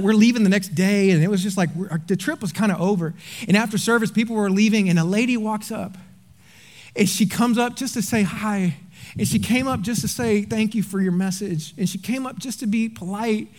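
High-voiced pastor man preaching. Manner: animated storytelling, drops to quiet earnest tones. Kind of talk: sermon.

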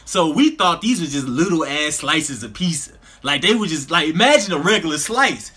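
Male co-host, high bright voice, animated slangy storyteller in a casual chat. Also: normal speed, slightly rough. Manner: animated storyteller, laughs through punchlines, slangy.

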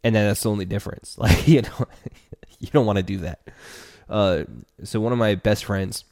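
Man, podcast host, casual advice talk, earnest, fairly low voice, dry recording. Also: normal speed, darkish tone, dry recording. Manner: earnest, conversational, talks straight to the listener.

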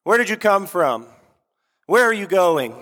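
A man voicing a stern Roman soldier on guard, booming out demanding questions. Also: very animated, measured pace, a bit bright, heavily acted. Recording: echoey hall.

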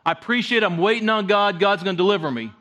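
A preacher puts on a stubborn old farmer stuck on his roof. He turns down help in a raised, firm, earnest voice, pitched a little high for a man. It is a light sketch told inside a sermon. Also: fast, sharp tone.

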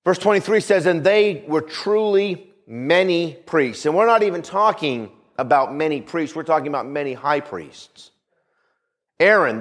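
A man's voice: on the high side, a bit bright. A male pastor preaching a sermon, repeating phrases for emphasis and calling out for amens.

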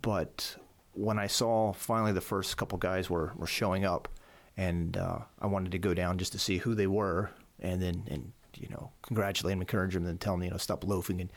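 A man's voice: deep voice, fairly even intonation, normal speed. A middle-aged man, a course instructor, casually telling a long story, rambling and repeating words, his voice rising when he quotes himself.

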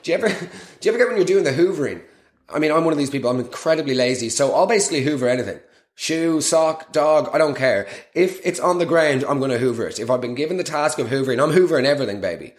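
Man, comic rant, exasperated and sweary, fairly high voice, echoey room. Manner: exasperated, sweary, mock-outraged. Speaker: comedic podcast host.

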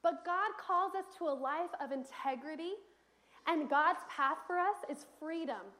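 High-voiced young woman preaching. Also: unhurried, bright, forceful tone. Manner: earnest storytelling with conversational fillers. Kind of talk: sermon. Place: church sanctuary.

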